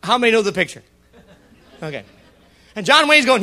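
A man in his fifties preaches with a high, husky voice and a bright, forceful tone. His pitch swings widely as he tells stories and then rises into shouted praise. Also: very animated, fast talker, pauses often. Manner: storytelling, builds to shouting praise. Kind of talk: sermon.

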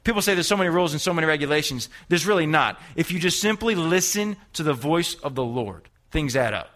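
A youth preacher delivers an emphatic sermon in an expressive, high-leaning, slightly bright voice at a quick pace. He repeats phrases and urges the congregation to answer back in call-and-response.

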